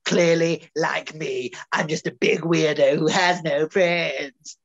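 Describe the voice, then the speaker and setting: Brief: a woman as a whiny, melodramatic male director; lowish voice, muffled video-call sound. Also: fairly even intonation, slow. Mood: sulky. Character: petulant self-pitying male theatre director. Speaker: student actor. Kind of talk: online amateur drama over video call. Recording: dull lo-fi video call audio.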